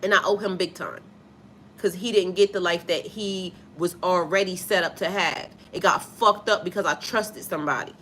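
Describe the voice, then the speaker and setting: On a casual live stream, a spiritual life coach, an adult woman with a child, speaks bluntly and emphatically with lots of swearing, pausing to read viewers' comments aloud. Her fairly low, fairly bright voice holds a steady tone at a moderate pace, with a little hiss or hum.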